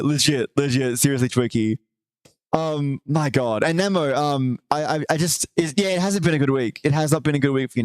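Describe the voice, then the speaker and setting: A man's voice: fairly high pitch, no room sound, clean studio sound. A man hosting a live stream from home, chatting affectionately with viewers, restarting often and stretching his greetings. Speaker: livestream host. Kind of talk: casual chat with viewers.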